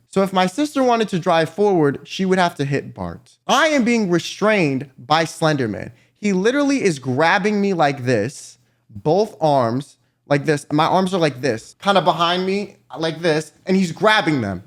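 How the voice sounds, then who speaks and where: A young man telling a dramatic storytime vlog in an animated, profane and exaggerated manner. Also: a little high. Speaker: YouTuber.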